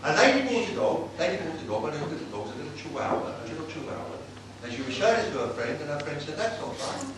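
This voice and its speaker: A man doing a tribute act as a cheeky old-time music-hall comic, telling saucy gags in brisk patter. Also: on the high side, big pitch swings. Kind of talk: live stand-up with saucy gags. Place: live venue with an audience. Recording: roomy and distant with loud noise.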